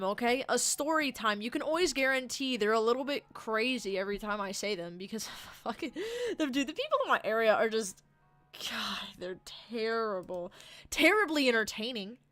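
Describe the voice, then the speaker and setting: A woman spins a rambling, slangy storytime while gaming on stream. Her voice sits a bit high and sounds bright and sharp, with faint music playing underneath. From United States.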